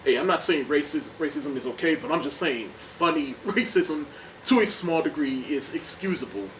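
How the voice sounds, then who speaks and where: A man's voice: on the high side, lively intonation, normal speed. A young man casually reviewing a movie in an enthusiastic, rambling way, often repeating himself. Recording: distant mic, faint background noise.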